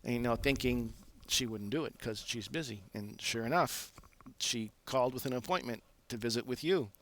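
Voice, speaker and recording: A man with an ordinary mid-range voice tells a long anecdote in a loose, chatty way. He fills his pauses with "uh" and jokes at his own expense, the easy manner of an engineer talking shop. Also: mid-range voice. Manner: relaxed, self-deprecating, lots of "uh" fillers. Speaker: aircraft engineer. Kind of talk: casual anecdotal storytelling.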